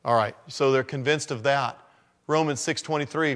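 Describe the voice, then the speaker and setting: A man preaching a conversational sermon, dropping to low murmurs and then rising to loud, emphatic lines. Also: normal speed. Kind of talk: sermon on evangelism.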